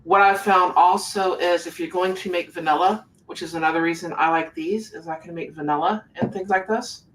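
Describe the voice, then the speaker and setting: Live-stream host, casual relaxed chat, middle pitch, distant from the mic. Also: a little fast, hardly any pauses, slight background noise.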